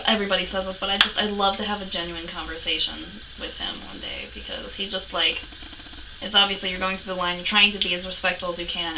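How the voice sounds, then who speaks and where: A woman's voice: on the low side, vocal fry, distant mic, background noise. A young woman recapping a convention in a casual vlog, gushing and breathless, with lots of restarts and casual swearing. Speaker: vlogger.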